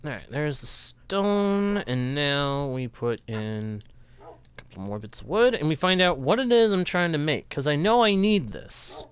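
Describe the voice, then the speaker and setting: A man's voice: a little high, expressive, a little slow, clear, resonant tone, no echo. A man streaming a video game, chatting casually and greeting viewers from chat in a friendly way. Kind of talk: live gameplay commentary with chat greetings.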